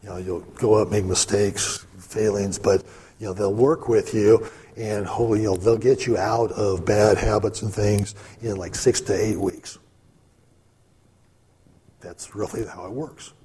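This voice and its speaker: Casting: male preacher, low husky voice, warm and mellow tone, chatty and informal delivery. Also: fairly even intonation, a little slow. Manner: conversational, many fillers and asides. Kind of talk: casual Bible teaching.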